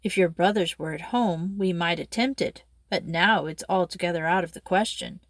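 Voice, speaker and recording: A woman's voice: fairly low pitch, moderate pace, dry recording, clean studio sound, lightly acted. A woman reading as a stern older father. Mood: dismissive. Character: stern cautious father, older lighthouse keeper.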